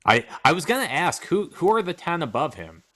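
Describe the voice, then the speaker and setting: A man co-hosting a live podcast stream, chatting casually about fantasy football with quick, teasing replies. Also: fairly high pitch, very animated, a bit bright. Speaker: podcast co-host.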